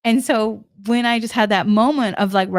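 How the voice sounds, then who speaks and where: A woman's voice: a little high, dry recording, studio quality. Upbeat woman with a Boston accent. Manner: animated, enthusiastic, many "like" fillers. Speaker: spiritual energy forecaster. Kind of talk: reflective monologue.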